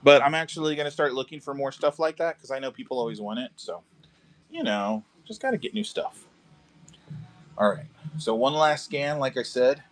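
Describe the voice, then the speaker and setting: Here a man with a fairly high-pitched voice hosts a relaxed live stream from a car shop garage, selling model kits to viewers. He's chatty and easygoing, swearing now and then and tossing out dude and bro.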